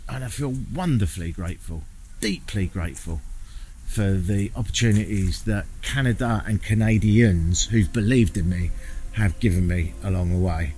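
A wry British man from Britain delivers a walking vlog monologue outdoors in a small mountain town, chatty, earnest and given to swearing. His voice is fairly low and a little mellow, at normal speed, with slight background noise.

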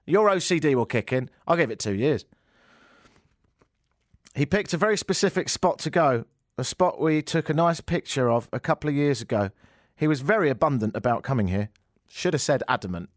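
Snarky guy riffing on a news story, loud bits then muttered asides, very dry sound. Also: mid-range voice, lively intonation, a little fast, no echo. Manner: sarcastic, mocking, jumps between shouty and muttered asides. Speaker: comedy host reading news. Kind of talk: mocking comic news reading.

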